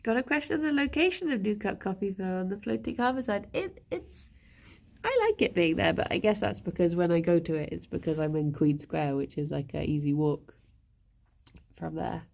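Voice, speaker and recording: A woman's voice: lowish voice, expressive, brisk, vocal fry, a little mellow. A young woman streaming live, chatting casually with viewers and rambling to her pet rabbits. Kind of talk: casual chat reading viewer comments.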